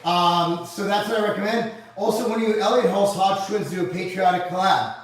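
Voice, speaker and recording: Man hosting a live Q&A, fairly high-voiced, blunt and sarcastic, profane, sitting back from the mic in a very echoey room. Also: moderate pace, far from the mic. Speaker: livestream host reading viewer comments. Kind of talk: casual live Q&A.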